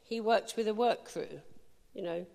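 A woman preacher giving a sermon, telling lively stories and speaking directly to the congregation. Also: mid-range voice, gravelly, big-room sound. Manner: lively storytelling, quick asides to the audience. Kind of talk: sermon with anecdotes.

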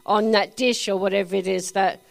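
A woman at a church meeting sharing a vision in a gentle, halting way with small fillers. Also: medium pitch, steady tone, creaky. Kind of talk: charismatic church talk.

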